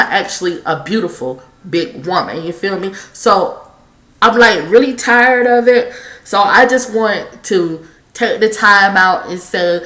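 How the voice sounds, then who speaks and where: Woman vlogger, lowish voice, blunt and profane, roomy echo. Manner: blunt, profane, animated storytelling. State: coughing from smoking. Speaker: YouTube vlogger. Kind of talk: candid smoking-vlog monologue.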